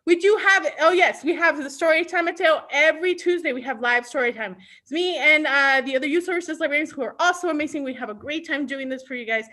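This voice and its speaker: Bright high-voiced woman librarian. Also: quick pace, few pauses. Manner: upbeat, coaxing, talks directly to young children. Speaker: youth services librarian. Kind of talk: live online children's storytime.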